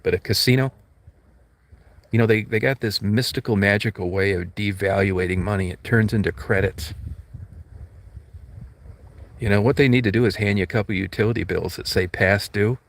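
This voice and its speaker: A man's voice: fairly low pitch, moderate pace, long pauses. A man talking casually and bluntly, rambling through stories and acting out quotes, with some swearing. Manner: blunt, profane storytelling with acted quotes.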